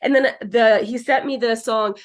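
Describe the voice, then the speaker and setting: A woman psychic medium talking as a guest on a video-call interview, chatty and excitable, with lots of "like", repeated words and casual swearing. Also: a little high, moderate pace.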